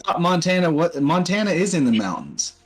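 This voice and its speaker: A man chatting casually during a break in a tabletop game, loose and excitable, swearing freely. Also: on the high side, brisk, slightly rough, faint music behind, low-quality recording.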